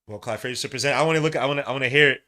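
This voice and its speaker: New guy hosting a live game watch-along, bright voice, slangy, gets loud and hyped. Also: rapid-fire. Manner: excitable, swings from low mutters to loud cheering; casual slang, calls listeners bro and son. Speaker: podcast host.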